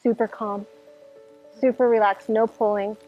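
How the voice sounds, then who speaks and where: A woman's voice: mid-range voice, flat delivery, unhurried. A woman casually telling a personal story, acting out her own past reactions with lots of "like" fillers. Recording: dull lo-fi sound, faint music behind.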